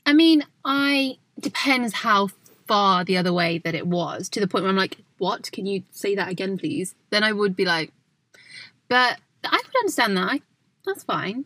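A woman's voice: mid-range voice, sing-song, normal speed, fairly bright tone. A woman in casual chat, talking freely and filling her sentences with "like". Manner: chatty, many fillers like "like", laughs easily.

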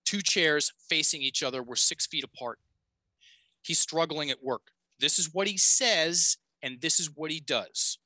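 A man's voice: on the high side, a little slow, sharp tone, no echo, poor audio. A man who is a podcast guest and coach, telling a story in a casual, emphatic way and swearing freely.

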